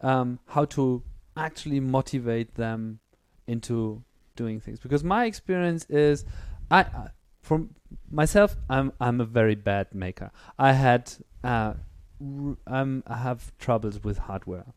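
A man hosting an interview speaks slowly and hesitantly, often restarting his questions and joking about himself. His voice is smooth and clear. The recording is dry, with no room echo. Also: mid-range voice. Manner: unhurried, hesitant questions, self-deprecating. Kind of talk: casual conversational interview.

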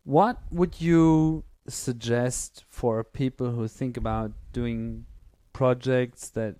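A man hosting an interview speaks slowly and hesitantly, often restarting his questions and joking about himself. His voice is smooth and clear. The recording is dry, with no room echo. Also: medium pitch, fairly even intonation, dark tone. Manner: unhurried, hesitant questions, self-deprecating. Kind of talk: casual conversational interview.

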